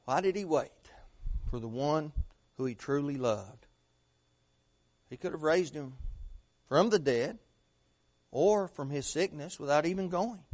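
High-voiced man preaching, loud then hushed. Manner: rhetorical questions, swings from loud to hushed. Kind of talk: sermon.

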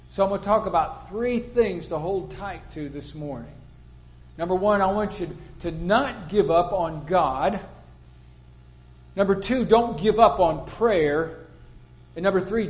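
Older male preacher, slightly high-pitched, folksy storytelling sermon delivery. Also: poor audio. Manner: plain-spoken storytelling preacher, quotes people in lively voices.

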